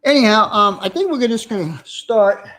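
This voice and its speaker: A man's voice: high-pitched, animated, moderate pace, a bit bright. A man hosting a casual livestream, chatty and reading out viewer names with friendly greetings. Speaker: livestream host.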